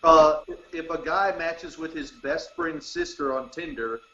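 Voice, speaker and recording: A man's voice: a little high, wildly swooping pitch, a little slow, gravelly, bright, forceful tone. A man co-hosting a casual comedy podcast, reading out listener questions and laughing often. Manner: reads questions out, laughs a lot. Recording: roomy, dull lo-fi mic.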